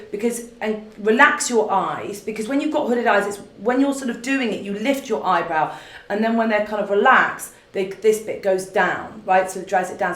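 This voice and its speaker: A woman, gushing and effusive as she answers fan questions in a live makeup demonstration from an office. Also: medium pitch. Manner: gushing and effusive, full of fillers and restarts. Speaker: beauty brand founder answering fan questions. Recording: roomy echo.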